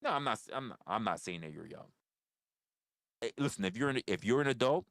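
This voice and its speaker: A man's voice: fairly low pitch, animated, a little fast, fairly bright tone, no room sound, clean studio sound. A man hosting a livestream in casual chat with viewers, blunt and profane, often stammering and restarting his phrases. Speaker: livestream host.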